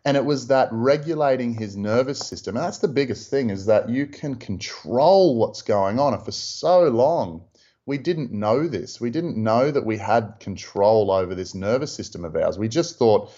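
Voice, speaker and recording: An Australian man, a freediving instructor, telling stories in a relaxed, rambling interview style with plenty of fillers. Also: mid-range voice, moderate pace. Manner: relaxed, rambling, lots of "you know". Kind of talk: casual interview storytelling. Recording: dull lo-fi audio.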